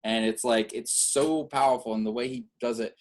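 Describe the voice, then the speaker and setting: A man's voice: mid-range voice, fairly even intonation, normal speed. Rambling man telling filmmaking stories. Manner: rambling, many filler "like"s and restarts. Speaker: filmmaker guest. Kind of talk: casual interview chat.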